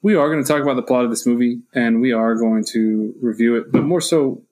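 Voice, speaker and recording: A man's voice: mid-range voice, a little fast, a little mellow. A man co-hosting a movie podcast in casual chat, ranting in mock exasperation and swearing freely. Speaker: podcast co-host.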